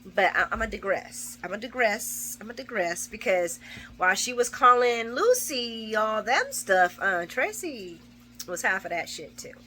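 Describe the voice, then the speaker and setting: Woman, bright tone, animated, casual soap recap, faint hum behind. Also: mid-range voice, a little slow. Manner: animated, swears freely, acts out characters' lines. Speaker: soap opera recap vlogger.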